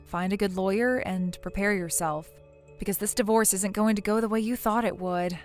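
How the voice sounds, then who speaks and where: A woman's voice: mid-range voice, steady tone, normal speed, a little mellow, faint music behind, close to an everyday voice. A woman voicing a blunt young female friend in a text-message story, lecturing firmly. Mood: stern. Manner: firm, lecturing.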